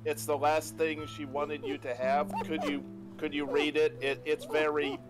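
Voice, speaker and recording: A slow, stammering doctor, played by a man breaking hard news in a solemn voice. He repeats his words as he searches for them, and steady music plays behind him. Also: fairly high pitch, lightly acted, rough recording. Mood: somber. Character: hesitant male doctor delivering bad news.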